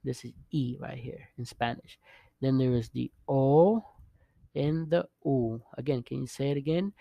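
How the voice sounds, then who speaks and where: A man gives a relaxed video language lesson at an unhurried pace, his voice carrying a noticeable gravelly fry. He patiently repeats each sound and keeps checking in with "okay?". The recording is close and dry, with little room sound. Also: mid-range voice, dry recording, highs cut off. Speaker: language teacher. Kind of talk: casual vlog-style lesson.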